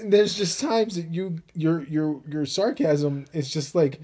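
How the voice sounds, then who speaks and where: A man's voice: on the high side, takes it slowly, background noise. A man co-hosting a podcast in casual chat, playful and teasing. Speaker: podcast co-host.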